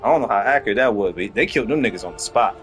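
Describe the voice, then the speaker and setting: A young man hosting a casual podcast chat, telling stories in a heated, profane way that climbs into loud outbursts. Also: on the low side, lively intonation, very fast, soft background music, poor audio. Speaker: podcast host.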